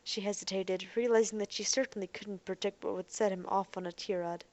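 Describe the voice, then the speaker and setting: Woman reading an audiobook, soft and even, mid pitch. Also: brisk, no echo. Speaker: audiobook narrator. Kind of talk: scripted narration.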